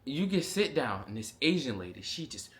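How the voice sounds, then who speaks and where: A young man, telling a casual storytime vlog with lots of fillers and animated asides. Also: mid-range voice, moderate pace. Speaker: vlogger.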